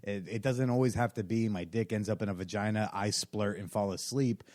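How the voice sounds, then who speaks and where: A man's voice: lowish voice, brisk, a little mellow, no room sound, clean studio sound. A man from New Jersey, a comedian guest on a podcast, chatting casually in a joking, self-deprecating way. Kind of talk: casual chat.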